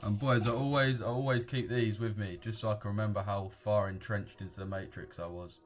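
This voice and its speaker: Young guy on a trading livestream, lowish voice, slangy laddish banter, bit of music behind. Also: fairly even intonation, fairly quick. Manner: slangy, laddish, addresses chat as boys and mate. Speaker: live-streaming forex trader. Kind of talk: casual live-stream chat with viewers.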